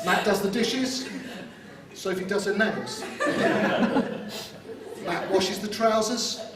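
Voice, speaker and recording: A man from London gives a joking wedding speech in a fairly high voice, landing his punchlines with a dry, wry timing. He is picked up from far off in a very echoey reception hall, with the loud murmur of the room behind him. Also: slow pace, heavy background noise. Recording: distant mic in echoey room with loud ambience.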